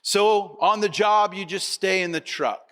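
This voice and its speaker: A man's voice: sits high, unhurried, fairly bright tone. A male pastor preaching a sermon, asking the congregation rhetorical questions and acting out their voices. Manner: acts out quoted voices of the congregation; repetitive, rhetorical questions to the audience.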